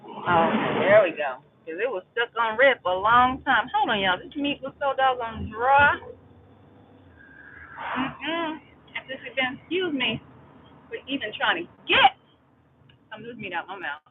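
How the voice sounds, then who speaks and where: A woman's voice: a little high, expressive, unhurried, pauses often. A woman chatting casually to her viewers while driving home, rambling and calling them y'all. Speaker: vlogger live-streaming while driving. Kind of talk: casual live-stream chat. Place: inside a car. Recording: tinny phone-like audio with car noise.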